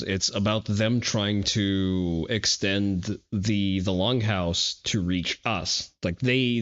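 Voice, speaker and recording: Low-voiced blunt male streamer, dull mic. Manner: blunt and profane, with hesitant fillers and laughs. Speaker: livestream host. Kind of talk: casual stream commentary.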